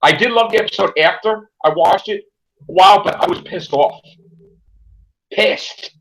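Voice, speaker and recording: A young man hosting a casual fan chat, animated and exclaiming, acting out his own reactions. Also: sits high, moderate pace, vocal fry, a little hiss or hum, rough recording. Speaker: podcast host.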